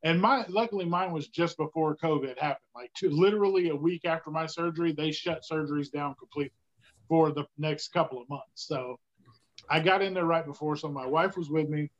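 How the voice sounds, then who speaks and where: A man telling a story in a casual podcast chat, animated when he quotes others and swearing casually. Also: a little high, fairly quick. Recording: dull lo-fi sound.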